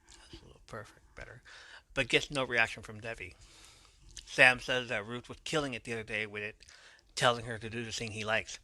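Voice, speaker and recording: A man's voice: mid-range voice, steady tone, brisk, bright, forceful tone, dry recording. A man hosting a podcast, casually recapping an episode in a loose manner, swearing now and then and correcting his own slips. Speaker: podcast host.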